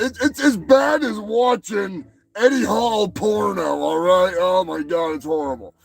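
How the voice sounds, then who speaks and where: A man's voice: high voice, unhurried, gravelly, hardly any pauses, low-quality recording. A male show host giving rambling, profane comedic commentary, often stumbling over and repeating his words.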